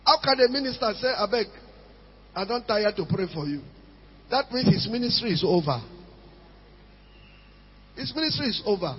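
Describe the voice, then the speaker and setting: A high-voiced, husky man preaches in a church hall, driving each point home by repeating it. His voice rings with long reverb, and the recording sounds muffled and lo-fi. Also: animated, normal speed, pauses often. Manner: emphatic, repeats phrases, pidgin asides. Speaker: pastor. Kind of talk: sermon.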